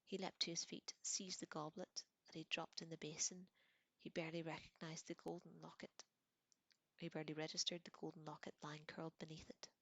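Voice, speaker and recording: A woman reading a novel aloud in soft, close whispers as whispered role-play, with the odd slip and self-correction. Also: deep voice, level tone, a little fast, no echo. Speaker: audiobook reader.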